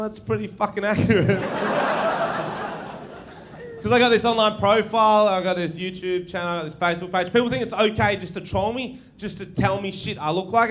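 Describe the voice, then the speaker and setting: A young Australian man does stand-up on a theatre stage, his voice pitched high and excitable. He talks in a loose, animated way, swears freely and laughs along with his own stories. A faint hum of room noise sits behind him. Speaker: stand-up comedian. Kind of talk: stand-up comedy set. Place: theatre stage with live audience.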